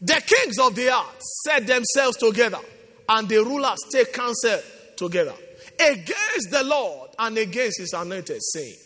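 A pastor leading a fervent prayer meeting, urging and repeating his lines, swinging from soft pleading to shouting. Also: high-pitched, big pitch swings, unhurried, in a large hall. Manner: impassioned, repetitive exhortation, swings from soft to shouting.

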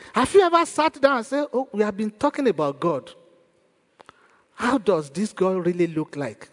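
A man's voice: very high-pitched, long reverb tail. A man preaching a sermon as pastor, asking rhetorical questions and repeating praise to the congregation.

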